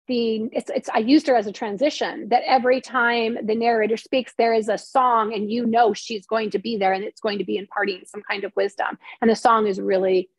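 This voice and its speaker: High-voiced, chatty woman storyteller. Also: breathy edge, no room sound. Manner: animated storytelling, acts out quoted dialogue. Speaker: interview guest, novelist and screenwriter. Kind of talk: casual interview chat.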